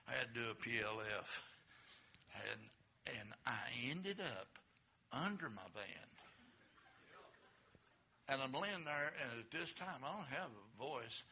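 An older man preaching a sermon in a folksy storytelling way, chuckling often, with a gravelly voice. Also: medium pitch, sharp tone, slight background noise.

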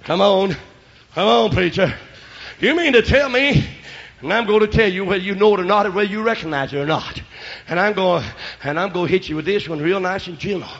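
Gravelly-voiced preacher shouting a testimony. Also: male voice, sits high, quick pace. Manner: shouting in bursts, then dropping to quiet asides. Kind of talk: revival sermon with testimony. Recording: lo-fi church recording.

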